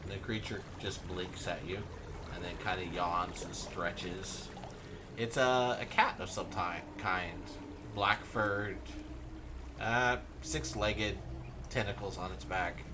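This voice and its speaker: A man narrating as game master in a tabletop game, unhurried, giggling, with halting fillers. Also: deep voice, noisy background.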